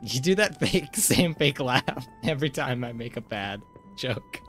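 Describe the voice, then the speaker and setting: A man's voice: medium pitch, unhurried, faint music behind. A man chatting casually and joking while playing a game with a friend. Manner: joking, animated. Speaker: gamer. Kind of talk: casual let's-play chat.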